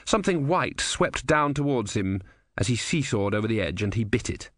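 In a dry, clean studio recording, a medium-pitched man reads a scripted audiobook at a moderate pace. His storytelling is steady and level throughout.

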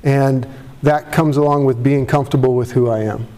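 His voice is mid-range and warm, steady in tone at a normal speed. Standing before an audience at a recovery meeting, the man shares candidly and self-deprecatingly, rambling and restarting, his voice breaking with emotion.

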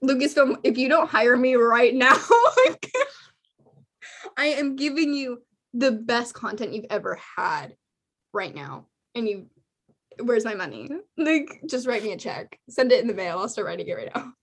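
Excitable young woman podcast co-host. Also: a little high, normal speed, husky. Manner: excitable, gushing, laughs often. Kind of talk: casual fan podcast chat.

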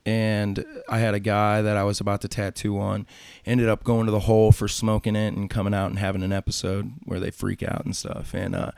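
A man's voice: on the low side, smooth, no room sound, clean studio sound. A man talking as a tattoo artist guest in an interview, telling stories casually, swearing freely and acting out what other people said. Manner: profane, acts out quoted voices.

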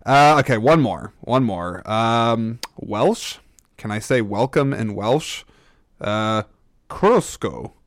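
A man's voice: fairly low pitch, slow pace, no room sound, studio quality. A man hosting his own podcast in a casual, rambling, self-deprecating way, often stammering and restarting his sentences. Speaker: podcast host. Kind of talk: casual solo podcast monologue.

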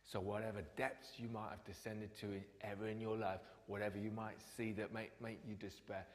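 A pastor preaching a sermon in a church, his voice sitting a little low. He rises to loud, emphatic phrases, then drops to near-whispers for effect. Long reverb trails off his words in the large hall. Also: flat delivery, normal speed.

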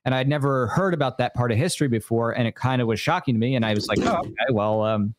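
A man's voice: medium pitch, racing, slight background noise. A man as a podcast guest, explaining his views in an earnest, hesitant way with some fillers. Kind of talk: casual interview chat.

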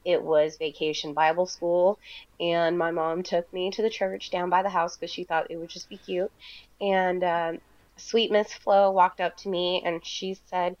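A woman co-hosting a podcast, telling stories in a joking, animated way. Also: lowish voice, a little slow, dry recording, highs cut off. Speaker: podcast co-host. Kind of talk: casual chat, storytelling.

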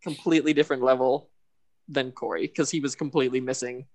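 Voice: mid-range voice, steady tone, fast, a little mellow. A podcast co-host recapping a TV episode in casual chat, laughing often. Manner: laughs often, loose and chatty.

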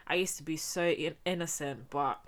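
A woman's voice: low-pitched, normal speed. A young woman from Spain telling her life story to viewers in a chatty, slangy, casual way. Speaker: vlogger.

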